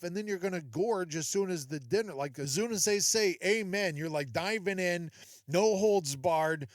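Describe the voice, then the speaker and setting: A man's voice: high voice, no room sound, studio quality. A man hosting a solo podcast, chatty and jokey, talking straight to his listeners with lots of asides. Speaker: podcast host. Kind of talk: solo casual podcast monologue.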